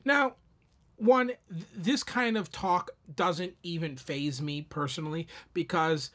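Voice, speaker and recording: A young man telling a personal story to camera, animated and expressive with many repeated words. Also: on the high side, slow. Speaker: streamer telling his own story.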